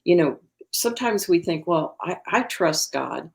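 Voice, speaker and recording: Low, gravelly woman teacher. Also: animated, unhurried. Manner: earnest, teaching, emphatic. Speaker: guest teacher. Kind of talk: casual faith discussion.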